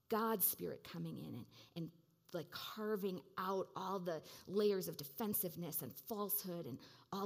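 A woman preaching a sermon in a conversational, reflective way, with many casual fillers. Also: on the low side.

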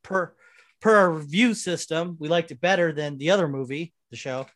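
An excitable speaker with a mid-range voice chats about shows. The voice laughs often, swears, and replays scenes in quick bursts. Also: medium pitch. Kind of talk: casual chat.

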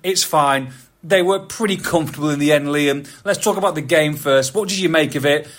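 Brief: forties host, lively chatter, a touch high-pitched. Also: male voice, brisk. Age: 40s. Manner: chatty, animated storyteller, laughs often. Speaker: podcast host. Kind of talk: casual chat.

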